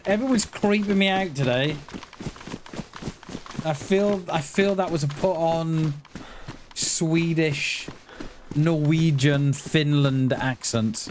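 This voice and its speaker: Slow, chatty man streaming a game. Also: fairly high pitch, slight background noise. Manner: chatty, talks to himself while playing. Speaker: livestreamer. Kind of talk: casual gameplay commentary.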